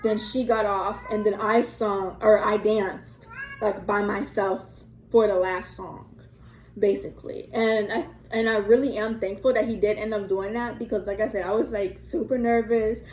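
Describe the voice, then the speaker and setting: Young woman chatty storytime vlog, lots of like and um, swears some, mellow tone, roomy echo. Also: mid-range voice, steady tone, normal speed, a little hiss or hum. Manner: rambling, chatty, many fillers and "like"s, profane. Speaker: vlogger. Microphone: phone. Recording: echoey room, faint ambience.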